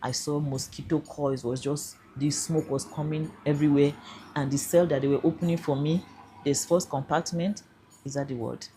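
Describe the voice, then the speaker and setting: An older woman speaks with a Nigerian accent in a low, mellow voice. She tells her story earnestly, sliding into Pidgin now and then. Faint noise sits under the recording. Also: steady tone, normal speed. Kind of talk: emotional first-person account.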